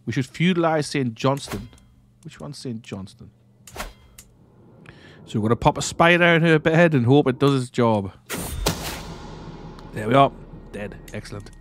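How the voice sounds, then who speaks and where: A man's voice: mid-range voice, lively intonation, a little slow, long pauses, slight background noise. A man hosting a let's-play, casually thinking aloud as he plays a strategy game, often trailing off and restarting. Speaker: gaming channel host.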